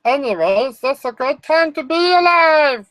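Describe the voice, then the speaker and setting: A woman's voice: lively intonation, unhurried, a bit bright, dry recording. A woman joking around on a casual livestream in a silly, playful way. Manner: silly, playful, drops into a low put-on voice.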